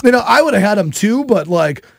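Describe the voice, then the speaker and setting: A man in his thirties hosting a podcast, telling a casual story in an animated way, with many fillers. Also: sits high, brisk, vocal fry, dry recording. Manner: animated, filler-heavy with frequent "like". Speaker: podcast host.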